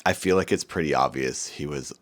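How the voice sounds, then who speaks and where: Male vlogger, very deep voice, earnest and somber, rambling talk to camera. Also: fairly quick.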